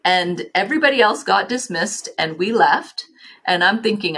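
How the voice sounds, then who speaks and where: A woman's voice: mid-range voice, animated, normal speed, fairly bright tone, breathy edge. A middle-aged woman from Canada, a guest on an interview podcast, recalling stories reflectively with frequent restarts and fillers. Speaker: guest, nonprofit leader. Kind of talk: reflective storytelling.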